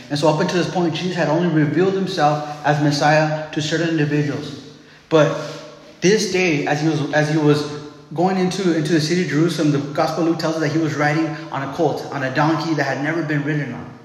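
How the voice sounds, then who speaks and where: A man's voice: on the high side, steady tone, quick pace. A man preaching a sermon in a loose, conversational way, often calling listeners "man" and restarting his phrases. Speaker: pastor. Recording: echoey hall.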